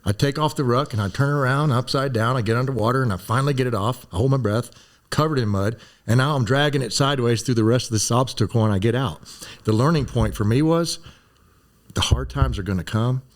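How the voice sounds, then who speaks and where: A man in his sixties tells his stories at a quick clip. He is animated and slips into other people's voices along the way. The pitch of his voice sits in the middle range. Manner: animated storyteller, acts out voices. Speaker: guest, former Green Beret physician. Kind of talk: storytelling in a conversation.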